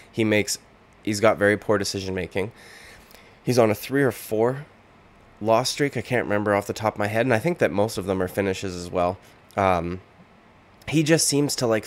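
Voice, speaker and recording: Deep-voiced guy casually rambling his fight picks, lots of cussing and uhs. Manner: rambling, profane, filler-heavy. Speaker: MMA fight predictor.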